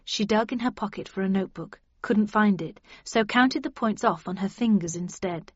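Husky woman reading an audiobook. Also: mid-range voice, moderate pace, no echo, dull audio. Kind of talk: audiobook narration.

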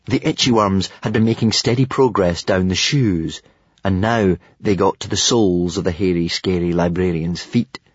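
A man's voice: sits low, husky, dry recording. A man narrating a children's storybook expressively, in a slightly muffled dry recording. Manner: expressive, unhurried. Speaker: audiobook narrator.

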